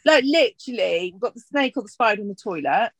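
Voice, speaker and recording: A woman co-hosting a podcast in casual chat, expressive and full of joking complaints, swearing freely. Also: on the high side, quick pace, slight background noise. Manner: expressive, swears freely, jokey exaggerated fear. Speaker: podcast co-host.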